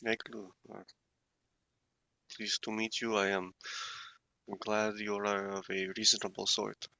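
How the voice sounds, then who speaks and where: A man's voice: on the low side, flat delivery, measured pace, vocal fry, pushed and bright, slight background noise, rough recording. A man speaking in character during a tabletop game, formal and courteous but hesitant, with many fillers. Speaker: player. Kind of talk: in-character tabletop role-play.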